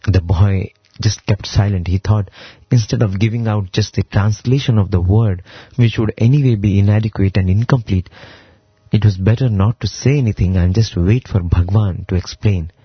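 A man giving a devotional talk, telling a story reverently with slow, emphatic phrasing. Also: lowish voice, husky, no room sound, lo-fi sound. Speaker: devotional speaker. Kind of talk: devotional talk explaining a hymn.

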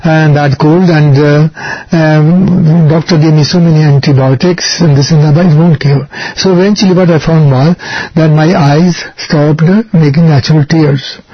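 An older man with a husky, slightly high voice tells a personal story in a radio interview. He speaks earnestly and haltingly, repeats himself, and restarts his phrases. The sound is dry and muffled, like a lo-fi broadcast. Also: steady tone, no room sound. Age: over 60. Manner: earnest, repetitive, halting with many restarts and fillers. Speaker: interview guest.

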